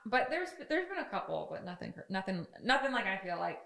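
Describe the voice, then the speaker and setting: A woman's voice: medium pitch, sing-song, quick pace, vocal fry, fairly bright tone, roomy sound. A woman co-hosting a podcast, chatting playfully and laughing easily. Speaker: podcast co-host. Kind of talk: casual chat.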